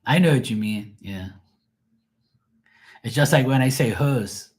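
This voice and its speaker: A man's voice: mid-range voice, expressive, unhurried, slightly rough. A middle-aged man with a Bermudian accent, a tarot reader rambling casually to his livestream viewers with plenty of profanity and frequent laughs.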